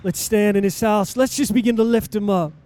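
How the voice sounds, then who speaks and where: A man, a pastor, preaching a sermon in a church and rising to loud exhortation as he reads scripture. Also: sits high, fairly even intonation, brisk. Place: church sanctuary.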